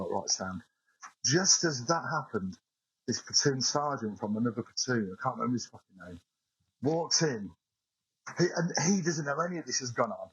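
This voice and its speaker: Male caller, husky and profane, a barrack-room storyteller on a muffled, lo-fi voice note. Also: mid-range voice, expressive, normal speed, a bit bright. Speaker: listener sending a voice note. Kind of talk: casual anecdote. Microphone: phone voice note.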